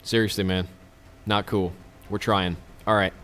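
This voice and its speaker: A man's voice: lowish voice, little pitch movement, a little slow, a bit bright, a little hiss or hum. A man hosting a let's play, giving casual, chatty commentary with joking asides to his viewers.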